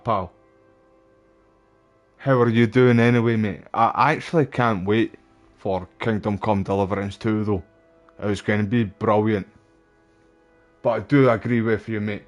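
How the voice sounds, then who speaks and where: Young Scottish male streamer, low-ish register, casual and talkative with his viewers. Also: fairly even intonation, measured pace, long pauses, soft background music. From Scotland. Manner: chatty, addresses viewers as mate and pal. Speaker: game streamer. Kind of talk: casual live-stream chat while playing.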